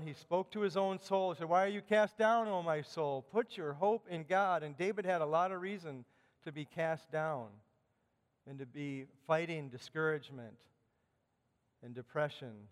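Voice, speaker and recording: Midwestern man, preacher, fairly high, smooth resonant voice, long church reverb. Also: a little slow. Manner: preaching, rising loud on quoted scripture. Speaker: pastor. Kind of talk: sermon. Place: church sanctuary.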